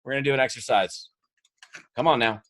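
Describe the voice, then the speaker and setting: A man's voice: medium pitch, fairly even intonation, a little fast, fairly bright tone. A man speaking live to an audience as a motivational speaker, coaxing them through an exercise and telling stories with acted quotes. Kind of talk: live seminar talk to an audience.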